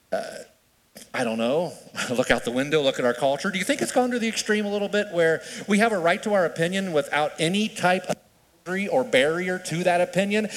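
Animated preacher man in a reverberant hall. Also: high voice. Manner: conversational preaching with frequent rhetorical questions; stumbles and restarts mid-sentence. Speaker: pastor. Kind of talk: sermon.

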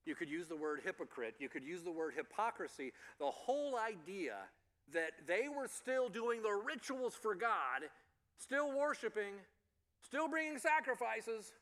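Guy preaching, high voice, swells up then goes quiet, ums here and there, long hall echo. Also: big pitch swings, unhurried. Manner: preaching with rising emphasis and soft drops for quiet lines; uses fillers like um and uh while explaining. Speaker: pastor. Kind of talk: sermon.

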